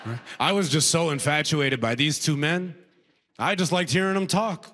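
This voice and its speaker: A man's voice: on the high side, moderate pace, sharp tone. A man performing a stand-up comedy routine, telling a story with lots of "right?" asides.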